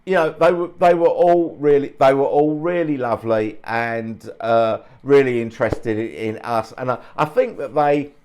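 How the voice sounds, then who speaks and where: A man's voice: medium pitch, normal speed, few pauses, darkish tone, clean tone. A man hosts his own channel and tells a story casually. He sounds chatty and self-deprecating and chuckles often as he talks. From England. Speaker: channel host.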